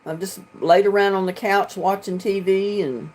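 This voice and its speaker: Through a computer webcam mic comes a mid-range, steady, slightly mellow voice at normal speed. It belongs to a North Carolina livestream host with a Southern drawl who chats casually from home, reading the chat and laughing often.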